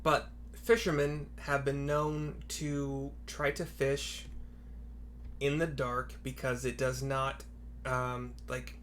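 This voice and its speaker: Man, game master, unhurried narration, bright tone, faint background hum. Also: mid-range voice. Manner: relaxed, with fillers, breaks into laughs.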